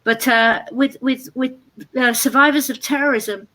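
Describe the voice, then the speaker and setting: A British woman with a bright, fairly high voice is interviewed on stage as a guest speaker before a live audience. Her delivery is dry, blunt and darkly humorous, at a moderate pace with fairly even intonation, and the audio is poor.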